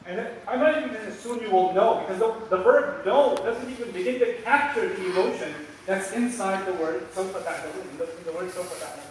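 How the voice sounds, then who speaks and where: A man delivers a religious lecture in a fairly high voice, animated, slipping into acted scolding and driving points home by repeating them. He is heard from a distance through a big, very echoey mosque hall, with a faint hum of noise behind him. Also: quick pace, few pauses. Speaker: lecturer on scripture.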